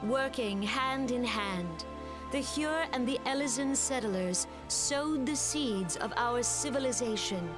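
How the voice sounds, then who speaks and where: An actress playing a solemn woman elder in a video game, recounting her nation's history in a slow, stately way. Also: fairly high pitch, animated. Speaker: game character. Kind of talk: scripted game voice acting. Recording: game audio with music. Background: music.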